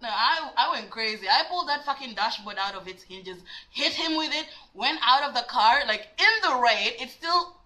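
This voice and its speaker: A woman vlogger telling a personal story in a dramatic, animated way, cussing freely. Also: fairly high pitch, moderate pace, low-quality recording. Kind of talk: storytime vlog.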